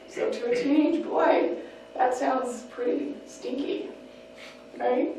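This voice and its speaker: A woman giving a parenting workshop talk, lively and acting out little scenes as she teaches. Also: high voice, slow, slight background noise. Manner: lively, acts out scenes in voices. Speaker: parenting class speaker. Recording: echoey room, mic far off.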